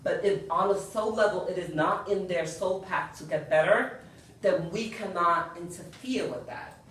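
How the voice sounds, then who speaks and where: A woman's voice: fairly low pitch, moderate pace, fairly bright tone, slight background noise. A woman giving a spiritual lecture to a group, earnest, often checking in with "yes?" and "you know". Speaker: spiritual teacher. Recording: very echoey room, far from the mic.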